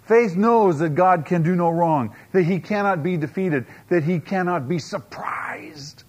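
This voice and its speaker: A man preaching a sermon to a congregation, pressing his points with rhetorical questions, dramatic slow-downs and quiet asides. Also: sits high. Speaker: pastor.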